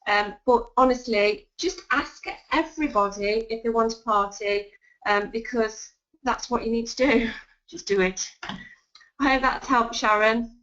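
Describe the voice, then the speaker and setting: A woman's voice: fairly high pitch, unhurried, a bit bright. A woman giving sales tips in a webinar, chatty and full of ums and restarts. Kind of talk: webinar talk. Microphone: video call. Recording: dull lo-fi web call audio.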